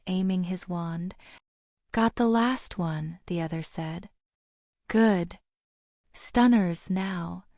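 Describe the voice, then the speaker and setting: A woman narrating a fantasy audiobook in a steady, even storytelling read. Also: mid-range voice, no echo, clean studio sound.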